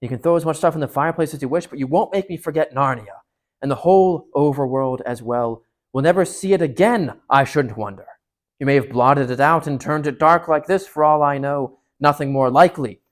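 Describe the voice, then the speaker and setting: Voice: medium pitch, moderate pace, close to an everyday voice. A storyteller reading aloud as a gloomy but stubborn marsh creature, breathless, defiant and impassioned.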